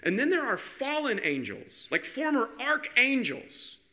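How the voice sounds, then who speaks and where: A male pastor preaching a sermon in an animated way, asking rhetorical questions and often repeating his words. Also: very high-pitched, a little slow.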